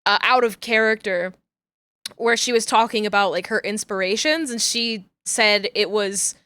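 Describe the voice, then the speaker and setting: A woman's voice: mid-range voice, moderate pace, pushed and bright, smooth, no echo. Chatty woman streamer, dry close mic. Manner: chatty, rambling, many fillers. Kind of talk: casual chat while gaming.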